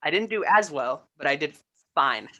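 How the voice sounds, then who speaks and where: A woman's voice: low-pitched, expressive, moderate pace, sharp tone. A young woman telling a story in casual chat, rambling with many fillers and restarts. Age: young adult. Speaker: student co-host.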